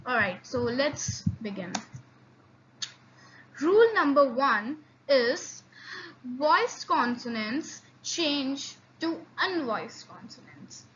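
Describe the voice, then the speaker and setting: A woman teaching an online lesson in a high, bright voice. She talks slowly and haltingly, repeats herself, and drills sounds one at a time. The recording sounds a little dull, with faint hiss behind her. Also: very animated. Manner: halting, many fillers and repeats; slow drilled repetitions of sounds. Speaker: language teacher. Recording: slightly dull lo-fi audio with faint noise.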